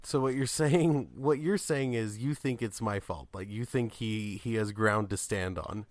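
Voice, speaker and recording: A man's voice: fairly low pitch, unhurried, no echo, studio quality. A man in casual chat who talks in a laid-back, joking way and laughs easily.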